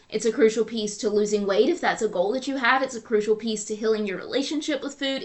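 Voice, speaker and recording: A woman hosting a solo podcast, giving earnest, repetitive coaching advice. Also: medium pitch. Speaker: podcast host and nutrition coach.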